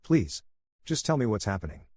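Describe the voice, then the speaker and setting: A man's voice: fairly low pitch, big pitch swings, normal speed, a little mellow, husky, no room sound. A man voicing a bitter young woman who has just broken off her engagement, barely changing his own voice. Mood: desperate.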